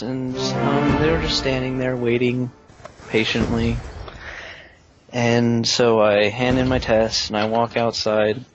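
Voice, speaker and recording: A man's voice: fairly low pitch, dull audio. A young man telling a rambling, self-mocking story to friends in a casual chat, chuckling at himself.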